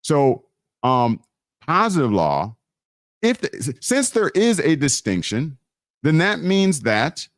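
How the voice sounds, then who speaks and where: A man with a fairly high voice preaches at a slow pace, his pitch swinging dramatically, with no echo in the recording. He is hosting a live online teaching on law and scripture, emphatic and preachy, often starting over and repeating key phrases.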